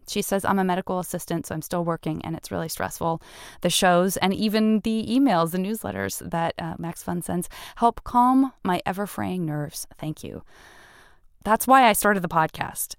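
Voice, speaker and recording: A woman's voice: medium pitch, smooth, dry recording. A woman hosting a podcast, talking casually and earnestly, close to tears as she thanks listeners. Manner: earnest, gets emotional, chatty. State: tearful. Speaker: podcast host. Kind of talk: casual interview and member appeal.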